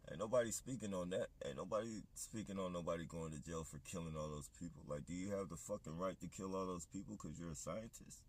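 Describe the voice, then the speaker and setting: A man's voice: deep voice, quick pace, hardly any pauses, darkish tone. A man on a livestream, ranting in a heated, profane, rambling monologue. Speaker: livestream host.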